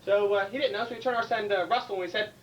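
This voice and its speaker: A woman's voice: mid-range voice, steady tone, rapid-fire. A woman telling stand-up jokes at a live bar comedy night, rambling with lots of filler words and chuckles. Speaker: stand-up comic. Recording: distant mic with audience noise.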